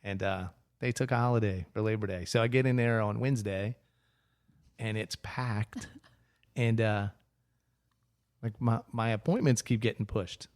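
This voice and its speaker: A man's voice: on the low side, fairly even intonation, a little slow, pauses often, a little mellow, no room sound, clean studio sound. A man as a podcast guest, telling stories in a chatty, self-mocking way and acting out what people said. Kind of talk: casual storytelling interview.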